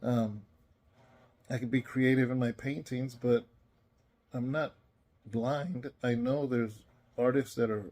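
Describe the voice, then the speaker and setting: A weary pastor, yawning, takes it slowly with long pauses in a self-recorded, casual devotional message. His medium-pitched voice is darkish and fairly even in intonation, and his delivery is earnest, rambling and conversational.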